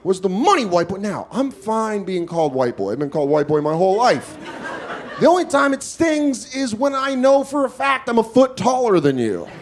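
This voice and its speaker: A man doing stand-up comedy, telling a story with a lively, profane, animated delivery and acting out the other voices. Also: sits high, moderate pace, noisy background. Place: comedy club stage with live audience. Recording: loud audience laughter behind.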